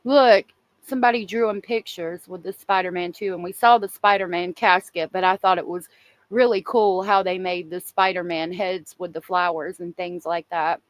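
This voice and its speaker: A woman's voice: on the low side, fairly even intonation, normal speed. A woman hosting a true crime livestream, talking casually and emotionally and answering viewers in the chat.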